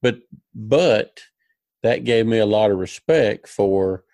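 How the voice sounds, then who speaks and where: A man's voice: fairly low pitch, slow, warm tone, no room sound. A man hosting a podcast, telling a rambling, folksy story with many fillers and restarts. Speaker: podcast host. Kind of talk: casual storytelling chat.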